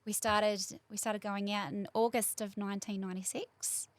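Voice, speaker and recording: A woman's voice: medium pitch, little pitch movement, moderate pace, no echo. Chatty New Zealand woman in her forties. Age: 40s. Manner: chatty, rambling with many fillers. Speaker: guest. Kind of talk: casual chat.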